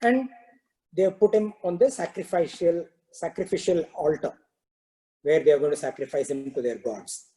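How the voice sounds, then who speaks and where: On a rough recording, a man with a mellow voice on the high side gives a scripture talk at a moderate pace. He defines terms and tells a parable loosely, with plenty of filler words.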